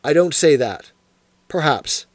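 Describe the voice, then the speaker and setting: A man reading a sharp Victorian detective in an audiobook, clipped and deliberate, his voice lower and quieter. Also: lively intonation, dry recording. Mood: terse.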